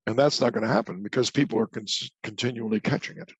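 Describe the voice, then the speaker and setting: Gravelly, husky older man lecturing. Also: mid-range voice, fast talker, dry recording, rough recording. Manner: expansive, lecturing, emphatic repetition. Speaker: guest scientist. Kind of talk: opinionated conversational lecture.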